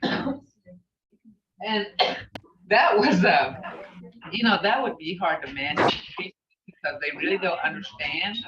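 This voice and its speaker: A woman's voice: lowish voice, expressive, takes it slowly, pauses often, background noise. An older woman teaching a casual language class, rambling a little and often asking "okay?" to check that her students follow. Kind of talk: informal online language class. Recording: echoey, distant, dull lo-fi audio.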